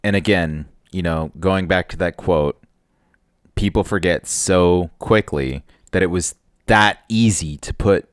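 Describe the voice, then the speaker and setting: A man's voice: low voice, a little slow, clear, resonant tone, no room sound, clean studio sound. A man co-hosting a podcast, bantering casually with crude jokes. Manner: laid-back, crude banter. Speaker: podcast co-host. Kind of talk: casual comedic chat.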